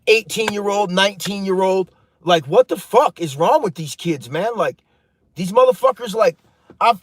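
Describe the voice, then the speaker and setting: In a dry recording, a man in his thirties with a high, fairly bright voice rants through a profane, heated tale for his viewers. He's a storytelling vlogger who speaks casually, rambles, and calls his audience "you guys."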